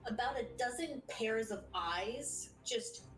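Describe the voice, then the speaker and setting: A woman's voice: fairly high pitch, animated, slow, a bit bright, faint music behind. A woman narrating as game master of a tabletop game, describing scenes and restarting phrases as she goes. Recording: echoey room, distant from the mic.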